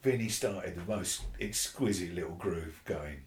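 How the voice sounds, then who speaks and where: A bass player tells a story in a casual interview, animated and swearing freely as he acts out other people's voices. He talks a little slowly, and the recording has a roomy echo.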